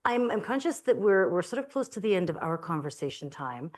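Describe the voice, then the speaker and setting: A woman moderating a book talk as an associate professor, gentle and reflective, a little unsure of the format. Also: lowish voice, sing-song, a little fast.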